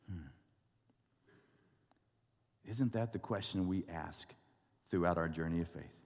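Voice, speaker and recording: A male pastor preaching a sermon, stretching out scripture slowly and telling stories with wry asides. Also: low voice, darkish tone. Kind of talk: sermon with storytelling. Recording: long reverb of a large hall.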